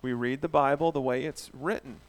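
A man preaching a sermon in an animated way, asking the congregation questions. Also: medium pitch, a little fast. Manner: animated, asks the audience questions. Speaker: pastor.

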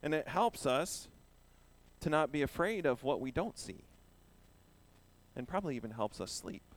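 A man's voice: fairly high pitch, sing-song, normal speed. A man giving a children's sermon, playful and asking the children questions as he talks. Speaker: pastor giving a children's message.

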